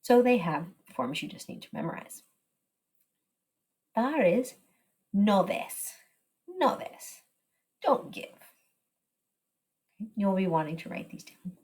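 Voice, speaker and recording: Breathy lady teacher going slow thru a slide lesson, swapping spanish and english. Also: medium pitch, lively intonation, darkish tone. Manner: explains slowly, switching between Spanish and English.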